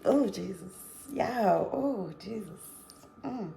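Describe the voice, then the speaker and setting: A woman's voice: medium pitch, lively intonation, slow, gravelly, warm tone, slight background noise. A woman vlogger telling a casual storytime to her viewers, candid and rambling, swearing freely and apologizing as she loses her thread.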